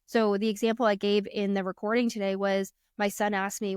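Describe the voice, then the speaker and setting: A woman's voice: medium pitch, level tone, fairly quick, hardly any pauses, darkish tone, clean tone, dry recording, studio quality. A woman in her thirties, a coach and podcast guest, earnestly telling parenting stories and acting out her children's lines. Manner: earnest, storytelling, acts out her kids' lines. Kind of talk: casual interview talk.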